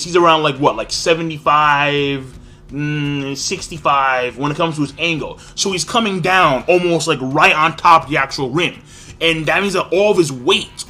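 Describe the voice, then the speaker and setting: An excitable man talks through a casual review in a bright, forceful voice that sits a little high. He keeps breaking into acted-out lines with sudden leaps in pitch. Faint music plays underneath. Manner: excitable, acts out characters' lines with big pitch jumps. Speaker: anime reviewer.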